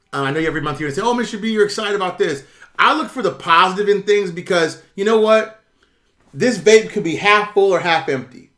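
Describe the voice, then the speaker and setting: Brief: middle-aged man, high bright voice, blunt profane livestream host. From United States. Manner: blunt, profane, reads and answers chat. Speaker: YouTube currency commentator. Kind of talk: casual livestream rant.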